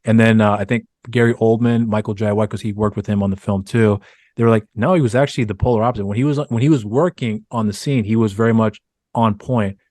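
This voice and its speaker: A man's voice: fairly low pitch, steady tone, fast talker, a little mellow, no room sound, studio quality. A man hosting a podcast interview, asking long winding questions with many restarts. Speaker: podcast host. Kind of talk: casual interview chat.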